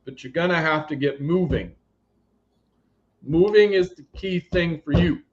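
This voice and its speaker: Male psychic healer, brash and animated, fairly high voice, muffled stream sound. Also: a little slow. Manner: blunt, animated, swings between loud commands and quiet asides. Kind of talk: live spiritual reading and energy healing.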